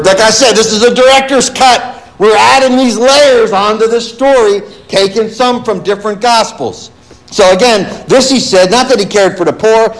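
A man's voice: high-pitched, rough recording. A middle-aged man preaching a sermon, reading scripture aloud and stressing it with emphasis. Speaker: pastor.

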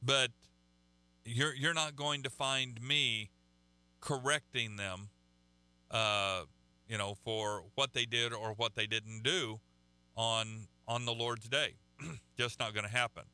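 Bright-voiced preacher man. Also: mid-range voice, steady tone, clear, resonant tone, dry recording. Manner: halting, repeats words, conversational preaching. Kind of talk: sermon.

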